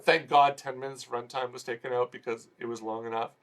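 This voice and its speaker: A man's voice: medium pitch, level tone, a little fast, fairly bright tone. A man giving a casual spoken movie review, rambling and exasperated, often restarting his sentences. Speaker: film reviewer.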